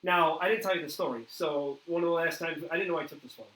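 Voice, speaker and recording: Animated male storyteller in echoey room. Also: a little high, quick pace. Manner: animated storyteller, acts out quoted dialogue. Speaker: paranormal investigator host. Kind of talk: casual storytelling interview. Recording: echoey room with faint noise.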